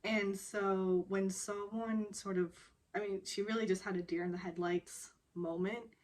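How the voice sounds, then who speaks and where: A woman's voice: mid-range voice, measured pace. A woman casually recapping a television drama episode, chatty and laughing often. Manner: chatty, laughs often, animated when quoting characters.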